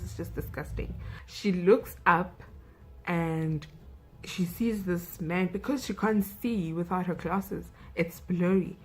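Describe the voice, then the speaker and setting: A woman's voice: lowish voice, a little mellow, low-quality recording. A young South African woman vlogger recapping a film in a chatty way, saying "like" and "you know" a lot.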